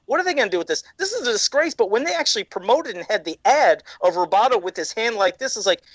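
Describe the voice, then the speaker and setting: A man's voice: very high-pitched, big pitch swings, fairly quick, few pauses, fairly bright tone, dry recording. Profane ranting man on a video call. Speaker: podcast co-host. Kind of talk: ranting casual chat.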